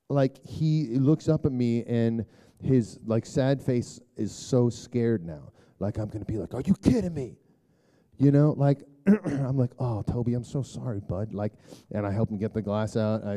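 A man preaching a casual sermon, telling a story in a loose, conversational way with lots of fillers and throat clearing. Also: lowish voice, dark tone.

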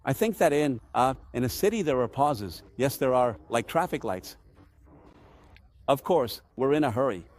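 A man's voice: medium pitch, expressive, moderate pace, darkish tone. Earnest priest teaching his parishioners. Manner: earnest, emphatic, asks rhetorical questions.

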